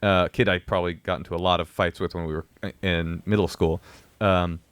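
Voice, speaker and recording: A man in his thirties with a lowish voice, chatting casually as a comedian on a podcast. He rambles through his story with lots of fillers and false starts. The sound is dry and close to the mic. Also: steady tone, a little fast, clean tone, dry recording.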